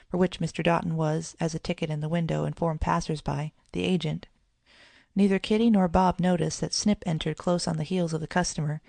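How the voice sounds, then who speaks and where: Storybook narrator, measured reading, very gravelly voice, dry close sound. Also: medium pitch, a little mellow, no room sound. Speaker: audiobook narrator.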